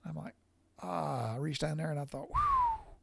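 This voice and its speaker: A man's voice: fairly high pitch, moderate pace, gravelly, darkish tone, breathy edge, no room sound. A middle-aged man, casually telling a rambling, profane story while sore from recent surgery. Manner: folksy, profane, rambling with restarts. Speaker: podcast storyteller.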